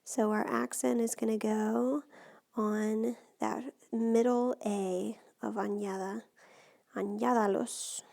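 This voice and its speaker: A woman teacher walks through Spanish grammar in a recorded lesson, patient and methodical. Her voice sits a little high and often drops into a gravelly fry. She sounds close to the microphone. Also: level tone, slow pace, dark tone. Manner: patient, step-by-step explaining.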